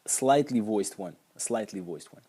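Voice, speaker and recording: A man's voice: lowish voice, lively intonation, moderate pace, warm tone, breathy edge. A man teaching pronunciation at a whiteboard, patiently repeating sounds for the learner. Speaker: language teacher.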